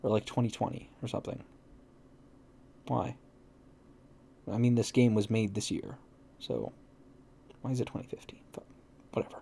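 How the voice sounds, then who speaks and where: A man's voice: fairly low pitch, steady tone, moderate pace, creaky, pauses often, warm tone, a little hiss or hum. A man hosting a casual let's play, reading a visual novel aloud and swearing at his own slips with wry asides. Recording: faint game music behind.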